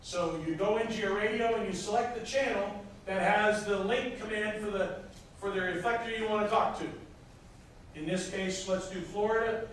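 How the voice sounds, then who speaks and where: A man's voice: high voice, steady tone, normal speed, a bit bright. A man teaching a class, explaining technical steps one by one with frequent hesitations, recorded from across the room. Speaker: instructor. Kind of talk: classroom lecture. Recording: echoey room from far off, faint noise.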